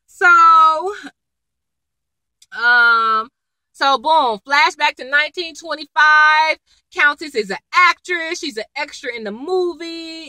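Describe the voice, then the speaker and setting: A young woman casually recapping a TV episode in slangy, animated chat, acting out the characters' lines as she goes. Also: sits high, no echo, poor audio. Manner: animated, slangy, acts out quotes. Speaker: TV episode reviewer.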